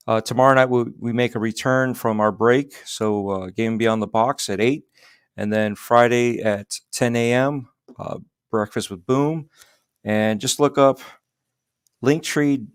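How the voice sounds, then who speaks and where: Guest, a man: a low, smooth voice, relaxed and a bit halting. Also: no room sound, clean studio sound. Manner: relaxed, with frequent ums. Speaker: podcast guest. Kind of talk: casual chat.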